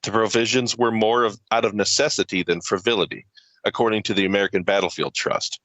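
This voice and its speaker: A man's voice: on the low side, quick pace, a bit bright, no room sound, lo-fi sound. A man co-hosting a podcast, reading notes aloud with profane, offhand asides. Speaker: podcast co-host. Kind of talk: casual reading of notes with banter.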